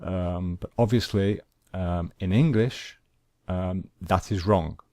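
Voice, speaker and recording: A man teaching an English grammar lesson, speaking slowly and deliberately and repeating his examples. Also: sits low, a little mellow, no room sound, studio quality.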